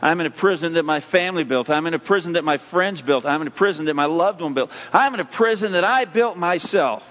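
Male pastor, sermon delivery, slightly high voice, punches up the scripture readings; muffled recording with long hall echo. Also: quick pace. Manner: preaching with rising emphasis on scripture readings. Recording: dull hum-laden audio with long hall reverb.

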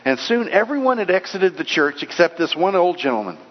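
A man's voice: high voice, big pitch swings, a little fast. A man preaching a sermon as pastor, in a conversational, storytelling way. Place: church. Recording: dull echoey church hall recording.

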